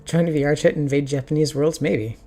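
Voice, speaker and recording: A man streaming his Japanese study, sounding out practice sentences slowly with many restarts and chatting casually between them. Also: on the high side, steady tone, mellow, faint music behind.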